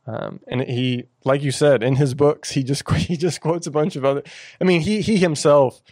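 A man co-hosting a casual talk about faith, earnest and halting, with many restarts. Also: fairly high pitch, fairly even intonation, darkish tone, no room sound. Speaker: podcast co-host.

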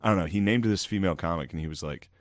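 A man's voice: low voice, very fast, no echo. A young man, a stand-up comic, chatting casually on a podcast with dry, teasing remarks. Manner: teasing, dry, deadpan jabs.

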